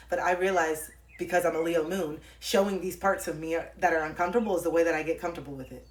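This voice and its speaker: A woman's voice: on the low side, fast talker, few pauses. A woman on a livestream giving a blunt, profane motivational talk, repeating points for emphasis and laughing often.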